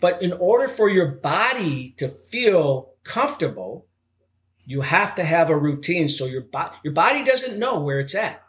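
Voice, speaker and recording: A man's voice: a little high, very animated, unhurried, a bit bright. A man hosting a casual podcast interview, rambling and leaning heavily on filler phrases. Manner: rambling, heavy on "like" and "you know".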